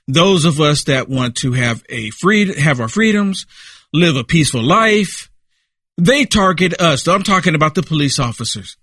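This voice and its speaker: A man delivers fired-up political commentary in a high, piercing voice with a forceful edge. He hammers his points home, repeating lines like a preacher. The sound is dry and close to the mic. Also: no echo. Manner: emphatic, repetitive, preaching tone.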